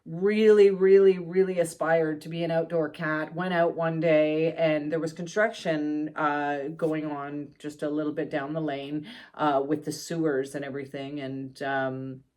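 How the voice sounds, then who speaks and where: A woman's voice: deep voice, unhurried. A woman co-hosting a podcast, telling a light feel-good story in casual chat. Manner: lively storyteller, rises on key words. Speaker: podcast co-host.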